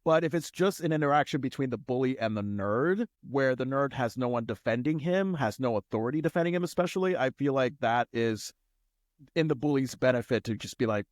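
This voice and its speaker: A man's voice: mid-range voice, animated, a little fast, no echo, clean studio sound. A man co-hosting a casual podcast recap, talking animatedly and slipping into goofy impressions. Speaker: podcast co-host.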